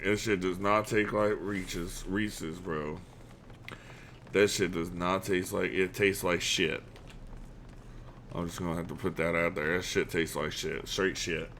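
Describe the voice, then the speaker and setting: A man streaming a game live, chatting casually in a loud, profane, joking way. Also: sits low, little pitch movement, measured pace, slight background noise. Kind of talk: casual livestream chat while gaming.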